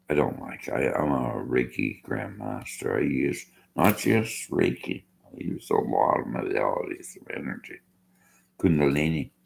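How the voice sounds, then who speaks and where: Very deep, gravelly older man. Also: darkish tone, a little hiss or hum. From Canada. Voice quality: slurred-sounding speech. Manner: bitter, argumentative. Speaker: vlogger. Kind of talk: rambling rant to camera.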